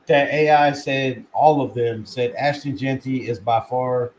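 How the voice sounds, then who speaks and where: Unhurried and medium-pitched, a man chats about sports on his own fan channel, excitable and rambling, swearing plenty and sometimes chewing food. A little hiss or hum sits under the poor audio.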